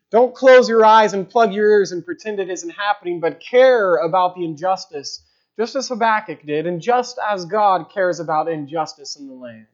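A pastor preaching an earnest sermon, emphatic and with slow dramatic pauses. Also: male voice, high-pitched, muffled recording.

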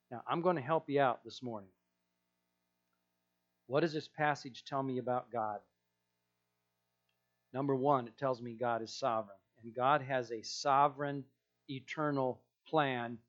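A man's voice: mid-range voice, highs cut off. A male pastor preaching a sermon in an emphatic way, repeating key phrases for weight.

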